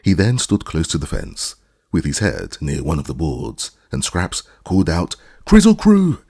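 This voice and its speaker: A man narrating a classic children's novel as an audiobook, telling it in an expressive, animated way. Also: rumbling low, moderate pace, creaky, breathy edge. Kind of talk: scripted storybook narration.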